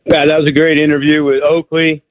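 A man's voice: fairly high pitch, flat delivery, brisk, no echo. A man in his sixties from New York, calling into a sports radio show and talking in a rambling, repetitive, emphatic way. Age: 60s. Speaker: caller. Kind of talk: call-in radio chat. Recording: muffled phone line.

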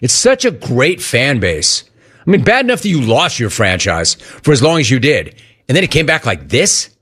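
A man's voice: medium pitch, fairly bright tone. A man hosting sports talk radio, ranting in a sarcastic, mocking way.

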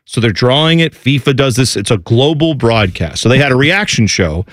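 A man's voice: medium pitch, lively intonation, moderate pace, no echo. A man hosting a sports radio show, chatting casually in a rambling, jokey way.

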